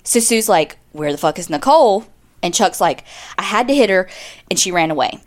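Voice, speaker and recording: A woman's voice: mid-range voice, lively intonation, fairly quick. Chatty woman telling a crime story. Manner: chatty, retells events with quoted dialogue and asides. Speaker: podcast co-host. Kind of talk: casual true-crime storytelling.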